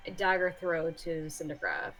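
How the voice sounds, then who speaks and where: A woman's voice: low voice, big pitch swings, normal speed, fairly bright tone, faint music behind. A woman playing a tabletop game, talking hesitantly with many restarts. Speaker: player.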